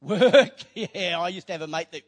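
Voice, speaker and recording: A man's voice: on the high side, fast. A man preaching a sermon, telling stories with playful, joking asides. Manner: lively storytelling with playful asides.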